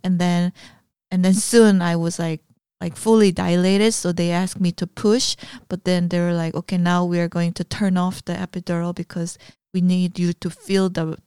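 A woman co-hosting a podcast, telling her story in a relaxed, casual way. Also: on the low side, moderate pace, clear, resonant tone, no echo, studio quality. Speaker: podcast co-host. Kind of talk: casual chat.

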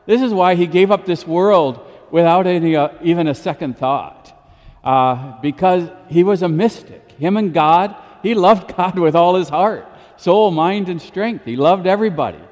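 Brief: chatty priest preaching in church, voice a touch high, long reverb. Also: male voice, moderate pace. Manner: lively and informal, with frequent chuckles. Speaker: Catholic priest. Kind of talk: daily homily.

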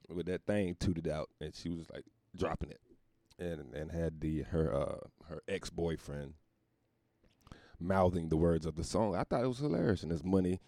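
A man's voice: sits low, mellow, no echo. A man hosting a solo podcast, ranting crudely and mockingly and laughing at his own jokes. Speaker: podcast host. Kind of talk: solo comedic rant.

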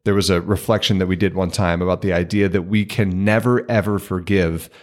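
A man co-hosting a faith podcast, laying out steps toward forgiveness in a measured, teacherly way. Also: low-pitched, steady tone. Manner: measured, teacherly, gently emphatic. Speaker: podcast co-host. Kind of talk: reflective teaching in conversation.

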